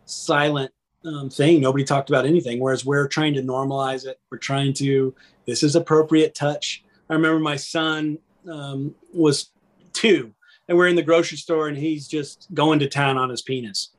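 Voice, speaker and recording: Guest spot: middle-aged man, raised pitch, earnest and animated, conversational. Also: moderate pace. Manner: earnest, animated storytelling with frequent "right?". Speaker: podcast guest, former pastor. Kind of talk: candid conversational interview.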